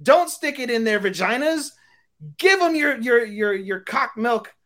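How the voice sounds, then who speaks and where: A man putting on a high, strained voice as a young male hero giving crude orders. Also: animated, a little slow, a bit bright, full character voice. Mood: mock-earnest.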